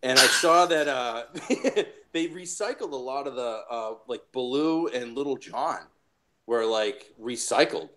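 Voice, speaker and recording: A man chatting casually as a podcast guest, telling stories with animated, profane energy. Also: mid-range voice, measured pace, a loud crowd. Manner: animated, laughing, profane storyteller. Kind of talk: casual chat.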